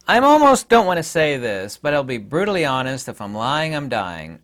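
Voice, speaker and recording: A man's voice: mid-range voice, a bit bright. A man hosting his own opinion vlog, talking in an emphatic, rambling, indignant way. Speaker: channel host.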